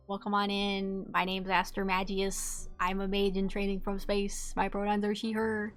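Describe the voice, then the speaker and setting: A woman chatting casually on a livestream as she plays a game, bubbly and quick to giggle, warmly greeting her viewers. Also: medium pitch, monotone, clear, resonant tone, soft background music. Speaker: streamer playing a game.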